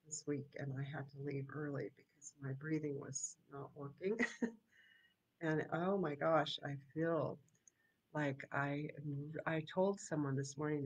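A woman's voice: sits low, a little mellow, rough recording. A woman hosting a live devotional, reading scripture aloud and reflecting in a casual, conversational way with frequent little laughs. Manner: casual and conversational, laughs often, many ums. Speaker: devotional host and missionary.

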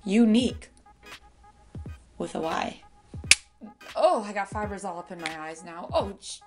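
A woman's voice: medium pitch, animated, a little slow, over music. A woman doing a casual makeup tutorial. She talks in a playful, silly way to her pet bird and makes self-mocking asides. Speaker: beauty vlogger.

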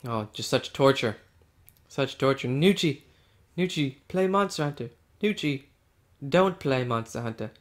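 A man's voice: medium pitch, expressive, a little slow, long pauses. A man chatting casually while playing a video game with a friend, joking and teasing in a playful way. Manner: playful, jokey, mock-regal bits. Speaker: gamer. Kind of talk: casual gaming chat.

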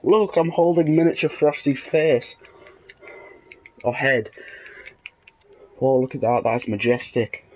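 A young man with a sarcastic, deadpan manner, casually commentating a video game and breaking into sudden excited yelps. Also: mid-range voice, takes it slowly, pauses often, low-quality recording. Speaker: gaming video host.

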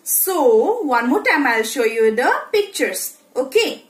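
A woman teacher leads a phonics lesson for young children in a high, lively voice. She speaks slowly and repeats herself, checking in often. The room is very echoey. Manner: slow, sing-song, repeats and checks with "okay?".

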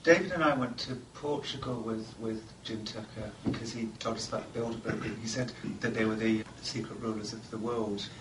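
A man's voice: on the low side, steady tone, brisk, hardly any pauses. A man interviewing someone, asking questions in a hesitant, puzzled way. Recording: distant mic with noise.

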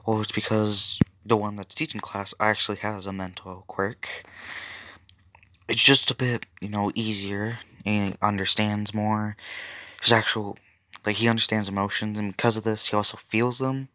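A man's voice: on the low side, level tone, moderate pace, sharp tone, no echo. A young man casually telling a fan-made story, rambling with loose fillers, restarts and jokey asides.

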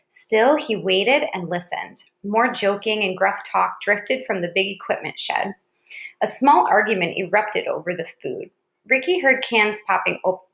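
A woman's voice: medium pitch, fairly bright tone. Woman reading a story aloud, roomy sound. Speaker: audiobook narrator. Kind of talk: audiobook narration. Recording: roomy echo.

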